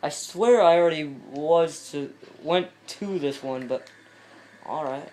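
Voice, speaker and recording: A man's voice: on the high side, takes it slowly, dark tone, slight background noise. Chatty man narrating his gameplay. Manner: rambling, self-interrupting, chatty asides to viewers. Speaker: video game commentator. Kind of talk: casual gameplay commentary.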